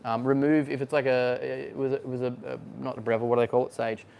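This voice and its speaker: A man's voice: mid-range voice, little pitch movement, fast, gravelly, darkish tone, a little hiss or hum. A man working as a barista and hosting, chatting casually with customers and explaining coffee gear hands-on. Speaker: barista and coffee shop host. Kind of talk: casual chat while working. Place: coffee shop espresso bar.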